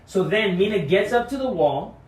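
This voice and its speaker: A man's voice: high-pitched, lively intonation, normal speed. A man giving an earnest devotional sermon that urges courage and repeats key phrases, recorded off-mic in a room. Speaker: pastor. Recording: echoey room, mic at a distance.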